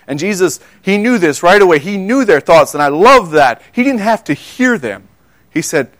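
Earnest man preaching in a higher voice. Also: sing-song, normal speed, no room sound. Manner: earnest, asks the audience questions, quiet for quoted words; stumbles and repeats words. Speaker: pastor. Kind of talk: sermon.

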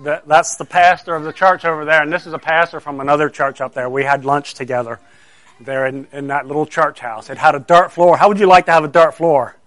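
A man's voice: a little high, steady tone, fairly quick, a bit bright, no echo. A middle-aged man, a pastor telling a story to children and asking them questions as he goes. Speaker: pastor giving a children's sermon.

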